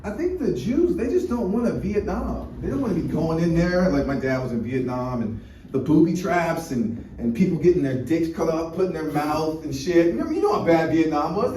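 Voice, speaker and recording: Rambling crude comedian, echoey. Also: male voice, high-pitched, mellow. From United States. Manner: crude, rambling, frequent restarts and fillers. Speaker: stand-up comedian. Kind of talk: rambling stand-up set. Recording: echoey room mic from a distance, faint noise.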